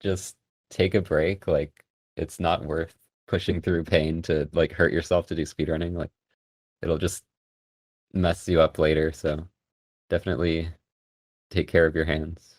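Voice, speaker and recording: A man guesting on a podcast, talking casually in a soft, hesitant way with many fillers. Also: extremely low pitch, level tone, measured pace, pauses often, no room sound. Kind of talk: casual chat.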